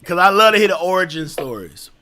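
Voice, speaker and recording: A man's voice: sits high, lively intonation, fast, sharp tone, slight background noise. A man hosting a casual podcast chat, laughing often and telling stories with animation. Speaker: podcast host.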